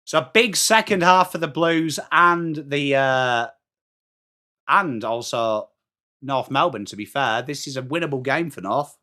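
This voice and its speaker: With a medium-pitched, sharp voice and a slightly slow delivery, a middle-aged man from England hosts a live football watchalong. Chatty, with an English accent, he reads out viewer messages, names his viewers and calls the play as it happens.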